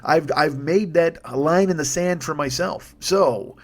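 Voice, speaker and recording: A man's voice: on the high side, a little slow. A man hosting a solo comedy podcast, ranting in a profane, rambling, sarcastic way into a microphone. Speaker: podcast host. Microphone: studio microphone.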